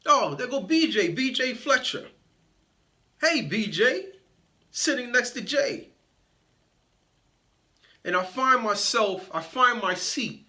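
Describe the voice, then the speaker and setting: Motivational speaker, man, slow storyteller with a bright, forceful voice, playful with the crowd. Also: extremely high pitch, expressive. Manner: playful, greets audience members by name. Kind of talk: storytelling speech to an audience.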